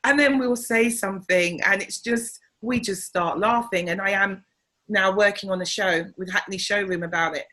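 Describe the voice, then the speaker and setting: A middle-aged woman talks through a casual interview as a guest. Her voice is slightly husky and sits in an ordinary middle pitch. She tells stories with lively energy and acts out the people she quotes. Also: normal speed, rough recording.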